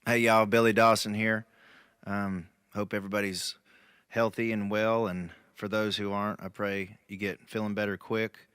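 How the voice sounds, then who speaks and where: A man's voice: lowish voice, flat delivery, moderate pace, fairly bright tone, clear, resonant tone, dry recording, clean studio sound. A man, a musician introducing his song in a plain, friendly way. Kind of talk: casual spoken intro.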